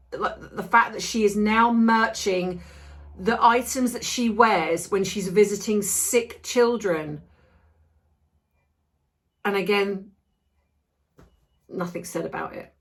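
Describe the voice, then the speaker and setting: A woman giving an impassioned, ranting opinion vlog with many restarts, feeling unwell. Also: on the low side. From Australia. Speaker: commentary vlogger.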